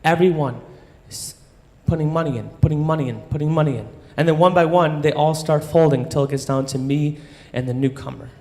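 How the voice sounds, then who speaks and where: Animated man telling a tale onstage. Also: on the high side, a little fast. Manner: animated, profane, keeps asking "right?". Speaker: storyteller. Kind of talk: live stage storytelling. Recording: long hall reverb.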